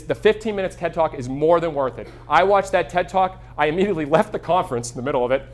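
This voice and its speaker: A man in his thirties giving a live keynote to an audience, telling energetic stories and acting out quoted voices. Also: fairly high pitch. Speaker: keynote speaker. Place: stage before a live audience.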